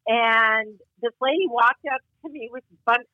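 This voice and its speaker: A woman telling a personal story in casual conversation, animated and acting out the dialogue as she goes. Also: on the high side, moderate pace, no echo, muffled recording. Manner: animated, acts out quoted dialogue. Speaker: guest.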